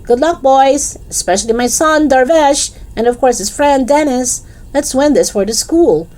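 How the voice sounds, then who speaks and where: A woman voicing a proud, excitable mother who cheers loudly for her son in a read-aloud storybook. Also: mid-range voice, normal speed, voice pushed up. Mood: cheering. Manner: loud, gushing.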